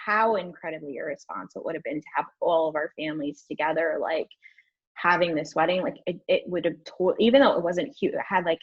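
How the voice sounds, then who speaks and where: A young woman guest telling a candid story in an interview, rambling and animated, filling her speech with "like". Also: lowish voice, breathy edge. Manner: rambling, animated, heavy use of "like". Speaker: podcast guest. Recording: dull lo-fi audio.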